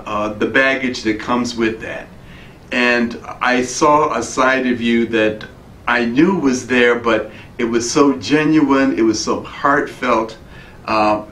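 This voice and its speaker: A man giving an earnest, halting video greeting to a colleague, with many pauses and fillers. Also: mid-range voice, fairly bright tone. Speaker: diocesan colleague. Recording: echoey room, faint noise.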